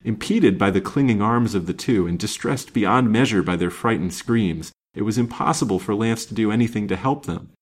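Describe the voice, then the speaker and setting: Sex: male. Role: storyteller. Style: reading a classic novel aloud. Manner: steady, measured. Pitch: low.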